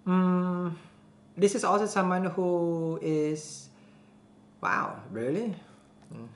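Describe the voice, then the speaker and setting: A woman's voice: low-pitched, darkish tone. A woman giving a casual tarot reading to camera, chatty, laughing often and checking in with her viewers as she goes. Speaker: tarot reader. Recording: roomy echo, faint background noise.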